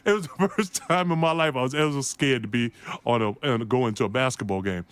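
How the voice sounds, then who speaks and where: Guy telling a hoops story, laughs a lot, does all the voices, mid pitch. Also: fast talker, smooth. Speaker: former basketball player telling a story. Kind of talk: animated storytelling interview.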